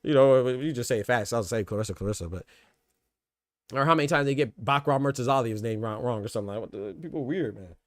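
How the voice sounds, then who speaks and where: A congested man runs a casual boxing podcast at a quick clip, circling back over his own words. His voice is close and dry, with no room around it. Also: mid-range voice, no echo. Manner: rambling, repeats words, talks to chat. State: stuffed up. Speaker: podcast host.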